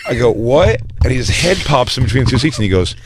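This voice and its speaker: A man's voice: mid-range voice, animated, very fast, very noisy. A man co-hosting a radio show, telling stories in casual studio banter and mimicking the people in them. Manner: storytelling, mimics others in quotes.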